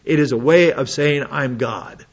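A man's voice: medium pitch, lo-fi sound. A man preaching a sermon, reading Bible passages aloud and breaking in with casual, plain-spoken comments. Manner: reads scripture aloud then adds quick casual asides.

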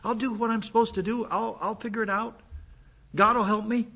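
A man's voice: sits high, fairly even intonation, fairly quick, pushed and bright, breathy edge. A man preaching a sermon in a folksy, conversational way, full of asides, while he is sick with a cough. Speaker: pastor. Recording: dull lo-fi sound.

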